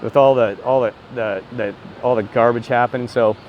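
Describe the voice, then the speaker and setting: Man, casual rambling vlog, excitable, meandering, middle-pitched voice, faint traffic noise outside. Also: moderate pace, muffled recording. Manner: excitable, meandering, repeats exclamations of disbelief. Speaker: self-described street minister.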